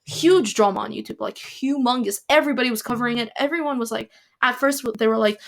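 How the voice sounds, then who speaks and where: A woman's voice: fairly high pitch, quick pace, vocal fry. A woman hosting a casual solo podcast, rambling with lots of fillers and restarts and dropping sarcastic asides. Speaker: podcast host.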